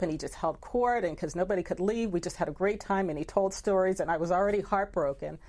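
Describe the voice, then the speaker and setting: Woman, low voice, editor as interview guest; reflective, conversational. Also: quick pace, hardly any pauses, darkish tone. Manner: reflective, full of "you know" asides.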